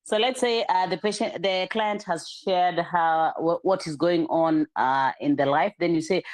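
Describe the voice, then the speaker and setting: A woman student joining an online class, speaking in a hesitant, halting way during a role-play. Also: lowish voice.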